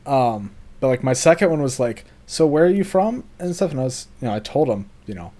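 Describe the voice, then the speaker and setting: A man from Alabama co-hosting a casual podcast. He talks in a laid-back, rambling way, often trailing off quietly. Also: mid-range voice, lively intonation, fairly quick. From Alabama, USA. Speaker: podcast co-host.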